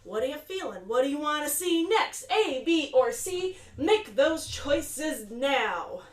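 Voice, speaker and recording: High-voiced playful woman on a video call. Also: sing-song, slow, echoey room, distant mic. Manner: playful, chatty, directing the audience. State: out of breath. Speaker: performer and host. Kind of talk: live virtual show hosting.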